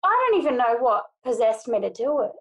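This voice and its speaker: Exasperated woman, higher voice. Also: big pitch swings, a little fast, highs cut off. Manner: exasperated, laughing easily. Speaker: podcast co-host. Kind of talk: casual podcast chat.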